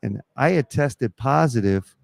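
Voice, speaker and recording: A man who coaches college basketball, telling lively stories in a live podcast interview at a pizza restaurant. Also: mid-range voice, unhurried, vocal fry, no echo. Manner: animated storyteller acting out quotes.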